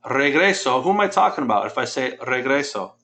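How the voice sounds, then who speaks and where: A man's voice: mid-range voice, big pitch swings, a little fast, bright, forceful tone. A man teaching a Spanish class, patiently explaining grammar step by step and quizzing his students.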